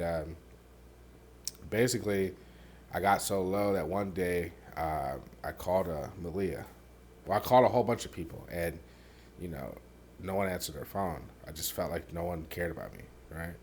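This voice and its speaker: A man hosting a podcast, telling his own painful story candidly, halting with many fillers and dropping quiet on the hardest parts. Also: a little hiss or hum. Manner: softens and drops low on painful parts. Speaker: podcast host.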